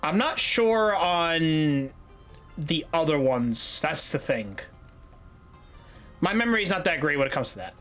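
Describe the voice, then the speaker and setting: A man's voice: on the high side, lively intonation, unhurried, long pauses, fairly bright tone, faint music behind. A man chatting casually on a gaming livestream, rambling loosely, swearing freely and laughing easily. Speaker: streamer.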